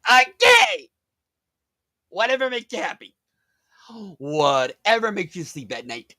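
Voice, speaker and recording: A man's voice: a little high, sing-song, moderate pace, a bit bright, no echo. A man ranting on his vlog in a sarcastic, mocking way, often laughing at a critic. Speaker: vlogger. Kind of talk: mocking rant.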